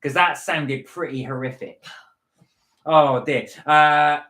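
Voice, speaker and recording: A man's voice: a little high, steady tone, slow pace, pushed and bright, echoey room. A man from the West Country co-hosting a live stream, chatting casually and telling stories with frequent laughs. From West Country of England. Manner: chatty storyteller, laughs often, slips into impressions. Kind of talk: casual chat.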